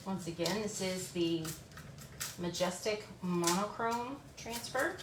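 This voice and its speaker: A woman's voice: mid-range voice, slow pace. A middle-aged woman from Canada with an English Canadian accent, giving a chatty live craft tutorial and talking through each step as she works. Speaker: furniture painting demonstrator. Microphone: camera on a stand. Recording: echoey room with background noise.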